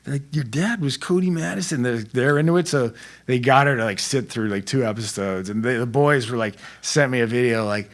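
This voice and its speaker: A man's voice: medium pitch, a little fast. A middle-aged man telling stories as a podcast guest, in a laid-back, slangy way that rambles with restarts. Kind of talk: casual storytelling chat.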